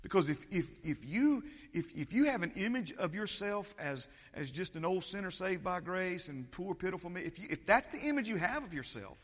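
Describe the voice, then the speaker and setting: High-voiced man preaching in a reverberant hall. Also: big pitch swings, moderate pace, hardly any pauses. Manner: emphatic, repetitive, building lists, interjects "amen". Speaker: pastor. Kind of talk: sermon.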